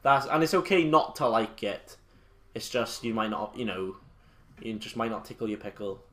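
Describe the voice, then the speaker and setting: A man's voice: on the low side, lively intonation, normal speed, a bit bright, a little hiss or hum. A young man co-hosting a casual podcast with friends, rambling through his points with lots of examples. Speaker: podcast co-host. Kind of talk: casual chat among friends.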